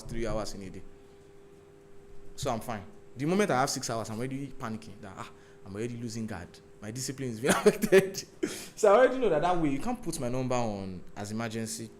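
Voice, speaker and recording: On stage, a man gives a lively talk, acting out phone calls with sudden loud outbursts and repeatedly asking his listeners if they understand. His voice is medium-pitched, with slight background noise.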